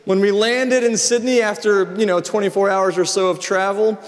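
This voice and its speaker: High-voiced preacher in a hall. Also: male voice, steady tone, moderate pace. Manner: storytelling, conversational with repeated restarts. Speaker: pastor. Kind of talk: sermon. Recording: long reverb of a large hall.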